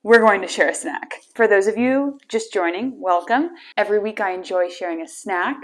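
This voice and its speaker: A woman's voice: mid-range voice, moderate pace. A young woman from Wisconsin hosting her own small talk show, chatty and playfully teasing. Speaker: host. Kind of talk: casual solo talk show.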